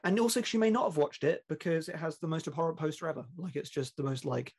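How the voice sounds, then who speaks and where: A British man with a somewhat high-pitched voice talks casually on a film podcast. He rambles, piles on fillers and laughs as he goes. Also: quick pace, a little mellow, slightly rough. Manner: chatty, rambling, laughs often, many fillers. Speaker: podcast co-host.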